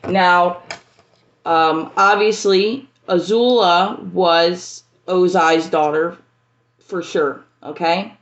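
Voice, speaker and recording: A woman talking through a fan theory in a casual, halting way, full of restarts. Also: fairly low pitch, lo-fi sound. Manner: halting, many fillers and restarts.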